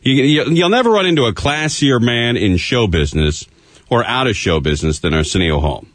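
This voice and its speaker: A man's voice: medium pitch, a little fast, no room sound. A man hosting a radio talk show, chatting loosely and laughing often. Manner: laughing, loose, animated banter.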